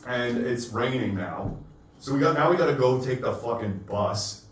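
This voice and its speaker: A man's voice: mid-range voice, lively intonation, moderate pace. A man telling a rambling, profane anecdote as a podcast co-host, recorded in a casual chat. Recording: echoey room, distant mic, faint noise.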